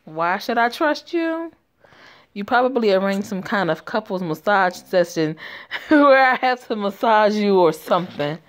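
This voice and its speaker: A woman's voice: medium pitch, expressive, unhurried, close to an everyday voice. A woman voicing an irritated young woman who gives curt replies, reading her lines in a story game. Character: annoyed young woman on winter holiday.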